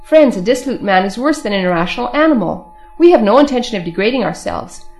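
A woman reading the lines of captive male saints who answer calmly and firmly, reasoning from scripture. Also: fairly high pitch, fast talker, faint music behind. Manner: calm, reasoning, quoting scripture. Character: captive male Christian saints, calm and firm.

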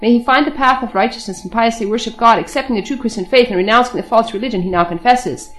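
A woman's voice: fairly high pitch, fast talker, soft background music, lightly acted. A woman voicing a group of imprisoned male martyrs who answer firmly and solemnly, within a storybook reading.

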